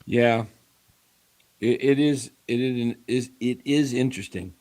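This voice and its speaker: A man's voice: medium pitch, unhurried. A man hosting a casual sports talk stream, rambling animatedly with many fillers and restarts. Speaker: sports show host. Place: home studio in Arizona.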